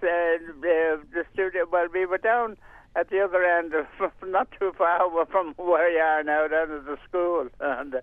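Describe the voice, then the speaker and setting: A man's voice: fairly high pitch, fairly even intonation, unhurried, no room sound. An older man being interviewed on radio, talking in a rambling, hesitant way with many fillers and restarts. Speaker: community radio volunteer and presenter. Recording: tinny phone-line sound, dry.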